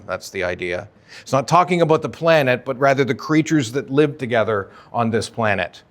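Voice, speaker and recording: A man's voice: medium pitch, expressive, normal speed. A male pastor preaching an expository sermon in a conversational way, often asking rhetorical questions.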